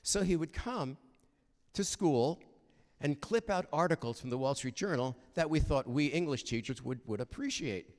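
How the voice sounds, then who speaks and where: Older man telling heartfelt stories, lively pitch. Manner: animated, heartfelt, halting restarts. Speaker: guest chapel speaker. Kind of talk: storytelling chapel talk. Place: university chapel. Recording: reverberant chapel hall.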